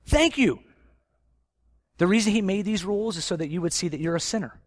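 A male pastor preaching with a slightly raised voice, moving between loud, pressing emphasis and quiet, intense asides. The recording is close and dry. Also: high-pitched, brisk, no room sound. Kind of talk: sermon.

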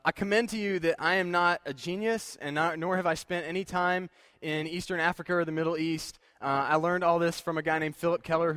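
A man's voice: fairly high pitch, fairly bright tone, dry recording, studio quality. A young man preaching a conversational sermon, plain-spoken and self-deprecating, with frequent fillers and restarts. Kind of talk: casual sermon.

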